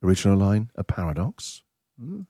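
A lively, animated man hosting a studio radio show, his pitch bouncing up and down as he jokes and laughs between clips. Music plays clearly behind his voice. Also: brisk. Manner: jokey, laughs often, plays song clips. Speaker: radio host. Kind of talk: breakfast radio banter.

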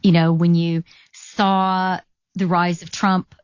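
A Canadian woman politician answering interview questions in a measured, earnest way, telling anecdotes. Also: lowish voice, flat delivery, smooth, no echo, dull audio. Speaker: politician guest.

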